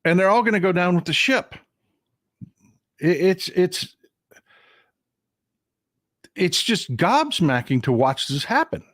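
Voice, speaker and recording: Indignant man with lively pitch. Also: slow pace, long pauses, dry recording, clean studio sound. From Texas. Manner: animated, indignant, repeats phrases for emphasis. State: getting over a cold. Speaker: political commentary host. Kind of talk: livestream political commentary. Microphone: desk mic at a computer for a livestream.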